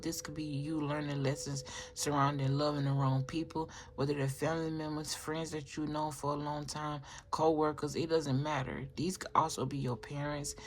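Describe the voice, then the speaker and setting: Slight background noise sits behind a medium-pitched tarot reader doing an informal spoken reading. She chats to viewers head-on, rambling, restarting, and dropping filler asides.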